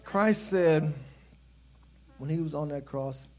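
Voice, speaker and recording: A man preaching a sermon in an emphatic, repetitive call-and-response style, building in intensity and then softening. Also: fairly high pitch, takes it slowly.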